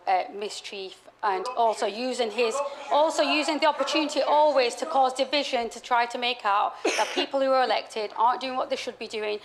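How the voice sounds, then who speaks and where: A woman's voice: on the high side, noisy background. A woman speaking hesitantly at a council meeting, with many fillers and restarts. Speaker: council leader.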